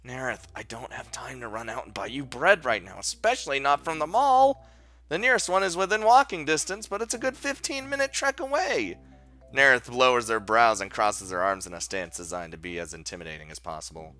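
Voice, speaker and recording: A let's play host speaks at medium pitch with lively intonation, a brisk pace, and a sharp tone as he reads a visual novel aloud. His commentary is laid-back and peppered with swearing and laughter, with frequent mid-sentence breaks and restarts.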